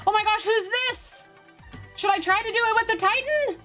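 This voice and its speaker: A woman live-streaming a game, chatting with her viewers and getting excitable during play. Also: extremely high pitch, moderate pace, soft background music. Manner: chatty, excitable, talks to chat. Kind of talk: live-stream gaming chat.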